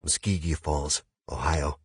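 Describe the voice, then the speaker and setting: Man, audiobook narrator, very raspy, measured, grave, dry recording. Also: a bass voice, no echo. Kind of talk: scripted first-person narration.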